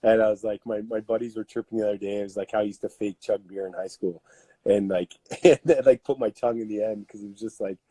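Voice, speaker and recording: Canadian guy in his 30s, loose animated storyteller, husky, dry close mic. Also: on the low side, quick pace, no echo. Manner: animated, laughing, full of fillers. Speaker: podcast guest, strength coach. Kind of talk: casual storytelling.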